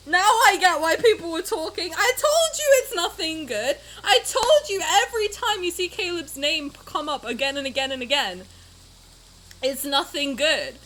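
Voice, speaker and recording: A woman's voice: sits high, animated, normal speed, fairly bright tone, slight background noise, rough recording. A woman streamer reacting live to a game, blunt and swearing freely as she talks back to her chat.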